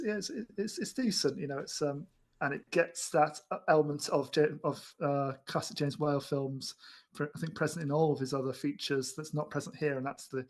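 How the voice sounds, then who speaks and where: A man chatting casually about old films, rambling with many restarts and fillers. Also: on the high side. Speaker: film podcast co-host. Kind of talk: casual film discussion.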